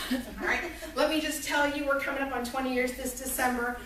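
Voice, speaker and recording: A woman in her forties lecturing to a college class, telling a personal story in an animated way and acting out what people said. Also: high-pitched, brisk, slight background noise. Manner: lively, animated storytelling with acted-out quotes. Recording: echoey room, recorded from far off.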